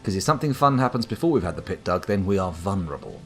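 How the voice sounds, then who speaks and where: A man with a lowish voice that swings widely up and down delivers dry, rambling commentary as he plays a game live. He keeps up an easygoing patter with viewers, full of wry asides, over faint music playing underneath. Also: sing-song, rapid-fire, fairly bright tone. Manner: wry, rambling, talks to chat. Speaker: streamer. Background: faint background music.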